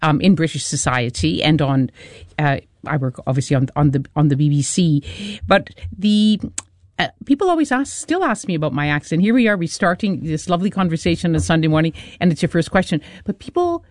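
A woman in her sixties from eastern Canada with a soft Canadian accent, a journalist chatting animatedly as a radio guest and laughing often. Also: low voice, expressive, fairly quick, no room sound, clean studio sound. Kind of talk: radio interview conversation.

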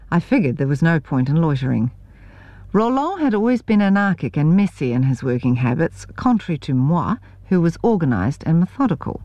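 A New woman reads her memoir with a wry, deadpan edge. Her voice sits a little low yet moves with lively inflection. The recording is close and dry. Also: dry recording. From New Zealand. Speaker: memoir reader. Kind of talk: scripted narration.

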